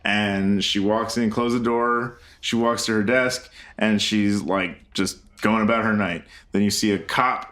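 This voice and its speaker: A man's voice: lowish voice, steady tone, measured pace, few pauses. A man co-hosting a casual podcast, recapping a film scene in a loose, profane, rambling way with plenty of fillers. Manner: rambling, profane, laughs loudly and often. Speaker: podcast co-host.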